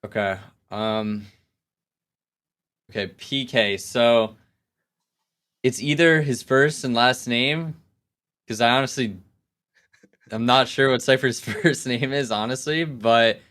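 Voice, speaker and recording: Young man with a smooth, easygoing voice. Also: medium pitch, takes it slowly, pauses often, a bit bright. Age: young adult. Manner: casual, filler-heavy and modest. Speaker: guest, pro gamer. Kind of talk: casual podcast interview.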